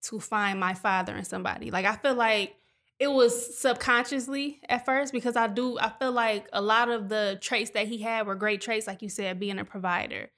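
A woman chatting candidly in a heart-to-heart conversation, telling stories in an animated way. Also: on the high side, moderate pace. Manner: chatty, animated storytelling, many likes.

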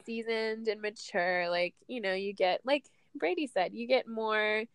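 A woman's voice: mid-range voice, unhurried, clear, resonant tone, dry recording. A woman co-hosting a casual sports chat, talking in a profane, emphatic and petty way. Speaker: podcast co-host.

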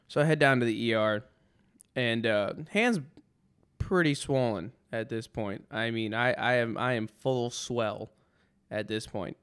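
A man's voice: mid-range voice, moderate pace, a bit bright, clean tone. A man hosting a podcast, telling a rambling, sarcastic story in a casual monologue full of restarts. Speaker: podcast host.

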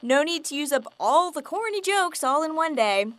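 A woman's voice: sits high, big pitch swings, normal speed, fairly bright tone. A woman hosting who tells a pun and signs off the show in a dry, mock-stern way. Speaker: host signing off.

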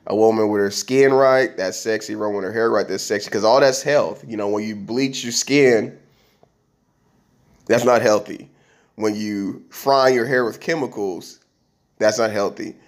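A man's voice: lowish voice, moderate pace. A man hosting a podcast, talking alone in a loose, rambling way with frequent restarts. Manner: rambling, conversational, with many restarts and fillers. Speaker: podcast host. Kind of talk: casual monologue.

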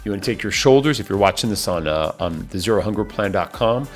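A man hosting a podcast, coaching listeners through a breathing exercise with insistent energy that drops to soft, near-whispered cues during the holds. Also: lowish voice, lively intonation, quick pace, soft background music. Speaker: podcast host and wellness coach. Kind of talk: guided breathing instruction.

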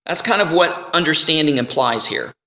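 Man bible teacher, lively pitch, bright voice, big reverb in a hall. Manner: animated, conversational teaching with slowed scripture reading. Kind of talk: sermon. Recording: roomy hall with long reverb.

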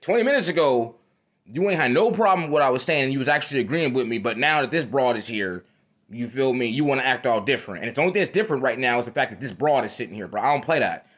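On a dull, lo-fi recording, a male podcast host with a medium-pitched, fairly bright voice rants fast and animatedly. The casual monologue is heated and full of profanity, and he repeats phrases to drive points home.

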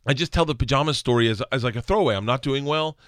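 A middle-aged man telling a comic story on a podcast, loud and laughing, acting out the voices of the people in it. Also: medium pitch, fast, dry recording, studio quality. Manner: loud, laughing, acts out voices in his stories. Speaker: stand-up comedian guest.

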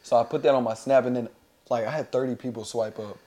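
A man's voice: mid-range voice, fairly even intonation, quick pace, mellow. A young man co-hosting a podcast, telling stories in a casual chat, laughing often and swearing freely. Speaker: podcast co-host.

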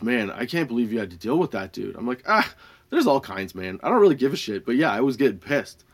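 A man who works in a dispensary tells a rambling, profane story in a casual vlog and laughs often as he talks. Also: mid-range voice. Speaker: dispensary budtender and product reviewer.

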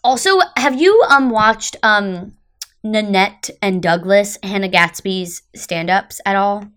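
A young woman co-hosting a podcast, talking in an animated, chatty way with lots of fillers. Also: mid-range voice, slow, clear, resonant tone. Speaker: podcast co-host. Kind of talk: casual chat.

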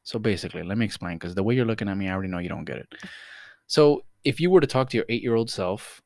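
A young man co-hosts a casual podcast with an animated, swinging pitch. He swears freely and slips into quick silly voices as he tells stories. His voice sounds close and dry, with no room around it. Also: creaky, no echo. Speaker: podcast co-host. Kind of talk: casual chat.

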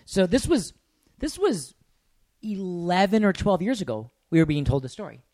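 A man chatting casually as a podcast co-host, poking fun at himself and laughing easily. His voice sits a little high for a man and sounds close and dry, with no room around it. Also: sing-song, normal speed, darkish tone, no room sound. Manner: self-deprecating, playful, laughs often. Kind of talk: casual chat.

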